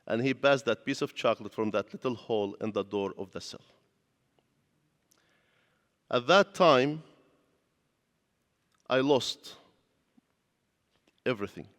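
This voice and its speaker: Man preaching in a reverberant church. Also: medium pitch. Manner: earnest storytelling, non-native grammar. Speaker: pastor giving a lecture. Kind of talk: personal testimony sermon. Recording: long hall reverb.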